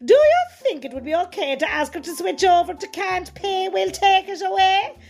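High-pitched gossipy North Cork countrywoman, comic radio sketch, faint music. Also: animated, moderate pace, vocal fry, a little mellow, exaggerated voice. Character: gossipy middle-aged rural Cork woman letter writer.

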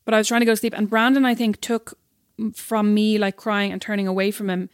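Fast-talking teasing woman. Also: medium pitch, little pitch movement, no echo, studio quality. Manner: teasing, quick interjections. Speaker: podcast co-host. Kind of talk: casual chat.

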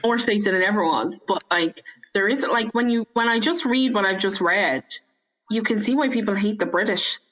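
A young woman in casual chat, telling an anecdote in an even, measured way. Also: medium pitch, poor audio.

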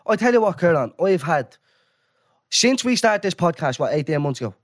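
A young Irish man hosting a podcast, telling stories in an animated casual way and swearing often. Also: on the high side, moderate pace, no room sound, clean studio sound. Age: young adult. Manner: animated, swearing, quotes people in lively voices. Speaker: podcast host. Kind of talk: casual storytelling.

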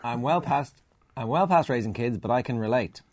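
A podcast host reading a listener's email aloud. He throws in dry asides between lines, in a middle-pitched voice. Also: lively intonation, moderate pace, darkish tone.

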